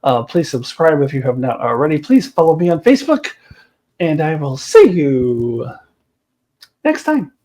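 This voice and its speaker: A woman's voice: deep voice, sing-song, unhurried, warm tone, low-quality recording. A woman giving a casual video review of a TV series, enthusiastic and opinionated, laughing often and swearing bluntly. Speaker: TV show reviewer.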